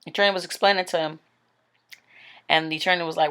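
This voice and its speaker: A woman's voice: low-pitched, fairly even intonation, fast talker, a bit bright, clear, resonant tone. Chatty woman recounting a vision. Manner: chatty, rambling, with frequent "like" and "um". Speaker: Christian speaker telling a vision. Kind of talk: casual spoken testimony.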